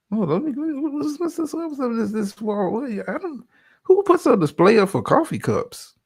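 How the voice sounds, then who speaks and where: Man, reaction host, gravelly voice, lively pitch, laughs a lot, playful casual commentary. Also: a little slow. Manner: laughs often, playful, talks back to the clip.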